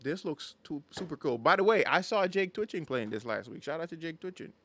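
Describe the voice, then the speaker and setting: A man hosting a casual gaming podcast, talking in an animated, rambling way with frequent restarts. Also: on the high side, brisk. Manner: animated, rambling, stumbles and repeats words. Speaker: podcast host. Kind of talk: casual chat.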